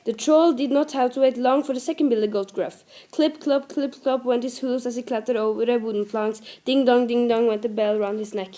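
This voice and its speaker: A woman's voice: on the high side, fairly even intonation, fairly quick, hardly any pauses, mellow. A woman with a Norwegian accent, her first language Norwegian, reading a fairy tale aloud carefully, with slips.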